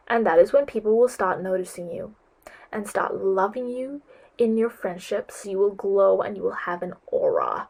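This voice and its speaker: A teenage girl vlogging advice to her viewers, gushing and rambling with lots of filler words, emotional and close to tears. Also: mid-range voice. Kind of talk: casual advice vlog.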